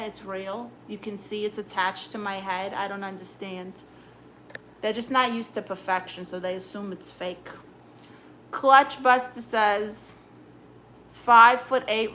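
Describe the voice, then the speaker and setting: Here a mid-range, sharp-toned female voice, slightly noisy in the background, delivers a Brooklyn-accented aunt character. She's blunt and sassy, firing back quick comebacks as she reads comments from viewers and doles out dating tips on a live stream.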